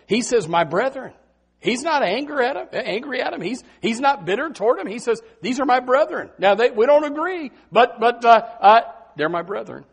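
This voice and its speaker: A man preaching a sermon in a folksy, animated way, swinging between loud and soft and saying amen often. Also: breathy edge. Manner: folksy, animated preaching with big swings in pitch and loudness, frequent amens.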